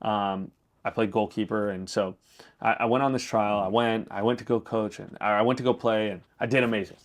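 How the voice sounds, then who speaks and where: A man's voice: fairly low pitch, fairly quick. A man from Los Angeles, a podcast guest, telling a story in casual, loose talk full of fillers and acted-out dialogue. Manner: animated, acts out quoted dialogue, loose filler-heavy phrasing.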